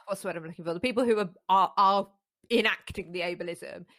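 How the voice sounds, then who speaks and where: A woman co-hosting a podcast, thoughtful and wry, sometimes pausing to search for words. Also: mid-range voice, fairly bright tone. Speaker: podcast co-host. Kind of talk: casual conversation.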